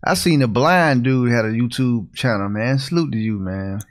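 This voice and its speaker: A man's voice: mid-range voice, moderate pace. A man hosting a gaming podcast, easygoing and slangy, often calling his guest "man". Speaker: podcast host. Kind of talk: casual chat.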